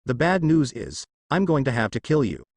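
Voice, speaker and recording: A brash young male ninja hero, as a man reading a fan story puts him on, blunt and hard-edged. His pitch sits a little above the reader's own voice. The voice is dry and close, with a lively swing to it. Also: moderate pace, husky, dry recording, full character voice. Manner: blunt, tough-talking. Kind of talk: fan story read aloud.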